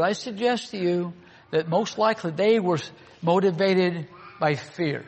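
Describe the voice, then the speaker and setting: A man with a high-sitting voice speaks unhurriedly, with vocal fry. He is preaching a sermon, earnest and full of rhetorical questions aimed at the congregation. The recording carries a long hall reverb.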